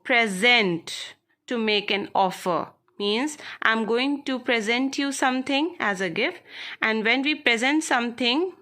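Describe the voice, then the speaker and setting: Slow, bright-voiced teacher. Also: female voice, a little high. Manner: deliberate, repeats words and addresses the children directly. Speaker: school English teacher. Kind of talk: slow classroom lesson explaining textbook exercises.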